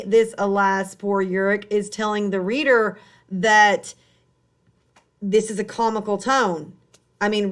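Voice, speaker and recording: A woman high school English teacher giving a recorded online lesson, explaining step by step and rephrasing as she goes. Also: fairly bright tone.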